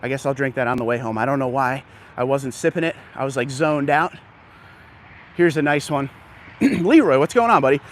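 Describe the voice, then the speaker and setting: He's a live stream host strolling through a dealership lot outdoors, calling out viewers by name and a bit short of breath. The voice is medium-pitched at a moderate pace, with faint outdoor background noise on the recording.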